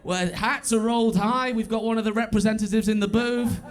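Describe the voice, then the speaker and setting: A man with a Stoke-on-Trent accent performing a stand-up comedy set on a club stage, chatty and wry, with bursts of loud mimicry. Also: high-pitched, steady tone, a little fast. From England. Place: comedy club stage before a live audience.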